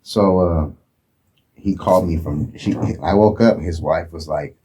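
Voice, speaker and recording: Low husky guy from oakland telling a wild story, swears a lot. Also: measured pace. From Oakland, California. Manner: profane, animated retelling with acted quotes. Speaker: guest. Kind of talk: casual storytelling.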